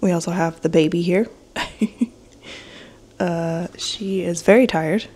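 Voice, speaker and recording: A young woman with a lowish, husky, slightly mellow voice speaks slowly with fairly even intonation in a casual home vlog. Sleepy, yawning, and a bit nasal from allergies, she chats and rambles with lots of fillers. She films on a handheld vlog camera as she moves between her kitchen and office.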